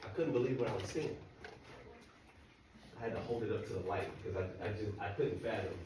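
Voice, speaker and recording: Brisk and fairly low, with a darkish tone, a man entertains an audience with a self-mocking tale and talks straight to them. The sound comes from far away in an echoing hall and carries a slight hiss or hum.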